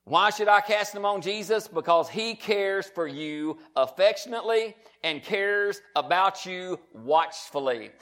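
A man delivers a sermon in a notably high voice. He hammers his points through repetition and drags out each line of scripture with heavy stress. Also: lively intonation, fairly bright tone. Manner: emphatic, repetitive, reads scripture slowly with stress. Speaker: preacher.

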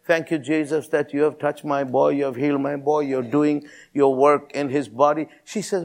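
A pastor in his sixties telling a testimony in a sermon, animated, rising high when he quotes others. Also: moderate pace, gravelly, few pauses.

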